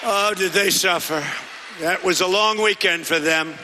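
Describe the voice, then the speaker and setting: A man's voice: high-pitched, a little slow, noisy background. A middle-aged man giving a rambling, repetitive campaign rally speech, full of conversational asides, into a podium microphone. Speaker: political candidate. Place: large indoor rally hall. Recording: echoey hall with long reverb.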